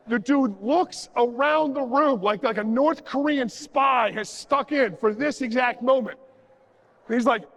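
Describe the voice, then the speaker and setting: A man's voice: very high-pitched, moderate pace, creaky, a bit bright. A man giving a jokey, sarcastic conference talk on stage, acting out little dialogues as he goes. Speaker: conference speaker. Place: large conference hall. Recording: reverberant conference hall.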